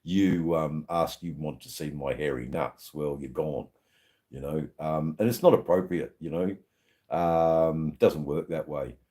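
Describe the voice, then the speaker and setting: A man's voice: very deep voice, unhurried, dark tone. An Australian man hosting a live stream, chatting casually with viewers in a rambling way full of fillers and restarts. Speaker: livestream host.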